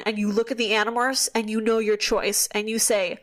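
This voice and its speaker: A woman with a slightly high voice hosts a casual podcast. She retells a story animatedly, tossing in quick asides and the occasional swear. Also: fairly even intonation, fairly bright tone. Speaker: podcast host. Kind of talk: casual chat recapping a book.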